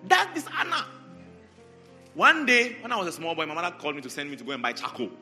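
Animated preacher in echoing hall. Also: male voice, on the high side, fast. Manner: animated, repetitive, calls out congregants by name. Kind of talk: sermon. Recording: large hall reverb, faint music.

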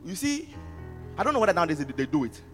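A man preaching a sermon to students, animated, repeating words and asking the audience questions. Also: fairly high pitch, very fast. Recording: music underneath, long hall reverb.

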